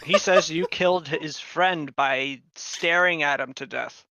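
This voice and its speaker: A man running a tabletop game as game master, narrating in a relaxed way with frequent ums. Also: fairly high pitch, a little slow. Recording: muffled lo-fi audio.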